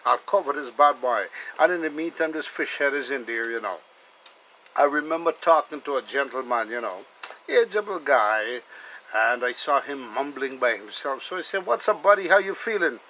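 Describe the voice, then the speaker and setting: A cooking channel host chats enthusiastically while he cooks and tells stories, calling the food "bad boy." His medium-pitched voice is animated, bright, and forceful at a normal speed, though the audio is poor with slight background noise.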